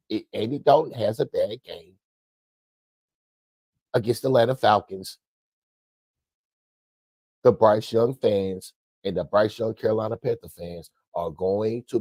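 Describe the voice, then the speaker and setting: A man's voice: lowish voice, warm tone, no echo. A man hosting a sports commentary show, ranting in a profane, emphatic way and repeating his points. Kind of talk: fiery sports rant.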